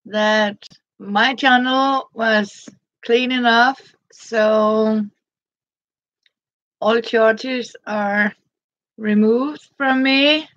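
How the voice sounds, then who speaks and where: A woman, chatting gently on a live stream and greeting her viewers by name. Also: fairly high pitch, steady tone, drawn-out words, pauses often, no echo, dull audio. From Denmark. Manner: greets viewers by name between thoughts, gentle, frequent soft laughs. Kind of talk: casual live-stream chat.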